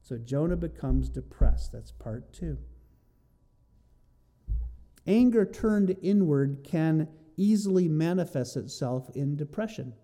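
A man's voice: fairly high pitch, animated, unhurried, hardly any pauses, mellow. A man preaching a sermon, walking through a scripture passage and acting out the quoted lines with rising intensity. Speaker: pastor.

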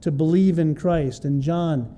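A man's voice: fairly high pitch, steady tone, a little slow, dark tone. A man preaching an expository sermon, teaching verse by verse in a plain conversational way and repeating key phrases for emphasis. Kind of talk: expository sermon on a Bible passage.

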